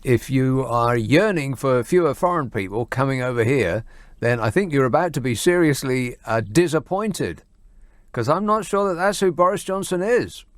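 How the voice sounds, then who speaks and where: Dry-humoured radio host. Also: male voice, medium pitch, expressive, moderate pace, no room sound. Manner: dry, self-mocking, hesitant with many fillers. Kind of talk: late-night radio phone-in. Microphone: studio microphone.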